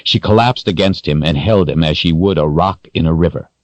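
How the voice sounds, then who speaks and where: A man narrating a fantasy audiobook in a steady, measured way. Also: low-pitched, no echo. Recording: dry, dull lo-fi studio sound.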